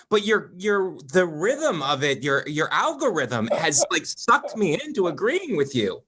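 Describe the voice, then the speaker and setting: A man's voice: on the high side, unhurried, hardly any pauses, husky. Dry, teasing man hosting a podcast. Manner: dry, teasing, deadpan questions. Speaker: podcast host. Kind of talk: casual chat.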